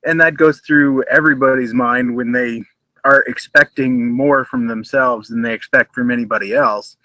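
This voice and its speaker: A man with a bright, forceful voice talks reflectively in a casual conversation and often restarts his sentences. The sound is dry and close, with no room echo. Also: mid-range voice, steady tone, moderate pace. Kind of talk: casual chat.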